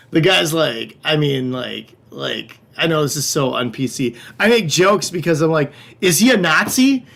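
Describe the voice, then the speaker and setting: A middle-aged wine shop host leads a livestreamed wine tasting class in a creaky, somewhat bright voice on the high side. He keeps it loose, casual and joking, swearing now and then.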